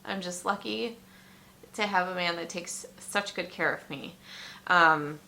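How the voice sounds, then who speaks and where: A woman talking openly in a personal vlog, emotional and halting, fighting back tears and pausing often with fillers. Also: on the low side, vocal fry, bright, forceful tone. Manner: emotional, tearful, halting with many ums. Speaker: vlogger.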